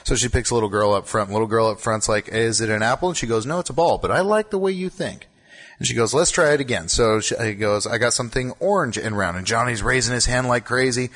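A man co-hosting a podcast, casually swearing and telling old jokes in a relaxed, storytelling way. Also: mid-range voice, quick pace, few pauses. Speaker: podcast co-host.

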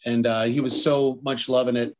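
A man's voice: mid-range voice, flat delivery, normal speed. A man hosting a casual podcast, telling a long and rambling story and putting on the voices of the people in it. His voice sits in a medium range. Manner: rambling storyteller, acts out quotes. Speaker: podcast host. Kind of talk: casual chat.

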